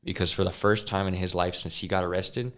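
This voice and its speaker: Very deep-voiced man telling his story. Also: level tone, fairly bright tone. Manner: earnest, retelling events with sighs and halting restarts. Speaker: interview guest. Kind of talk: personal storytelling in a podcast interview.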